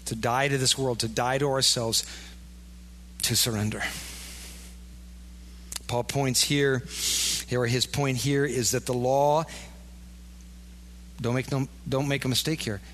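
A man's voice: mid-range voice, steady tone, slow, pauses often, a bit bright, a little hiss or hum. A man preaching a sermon in a casual, conversational way, often acting out the imagined inner voices of his listeners. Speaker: pastor. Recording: long hall reverb.

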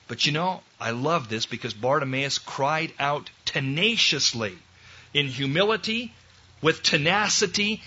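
Emphatic preacher man, husky voice. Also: a little high, expressive, measured pace, sharp tone. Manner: emphatic, repeats key phrases, acts out quoted voices. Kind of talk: sermon. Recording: dull lo-fi recording.

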